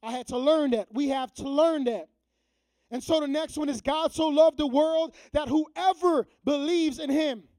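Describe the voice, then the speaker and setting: A very high-pitched man delivers a youth sermon in a relaxed, slangy way and weaves scripture into everyday talk. At times he drops to a hushed, prayerful tone. The sound is dry and close, with no room echo. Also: measured pace. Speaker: youth pastor.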